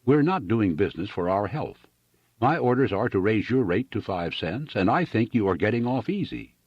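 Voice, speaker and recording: A dogged railroad clerk, blunt and unmoved, as a male reader puts him on. His low, husky voice stays flat and firm. The sound is dull and dry. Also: moderate pace, dry recording. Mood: curt. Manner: blunt, stubborn.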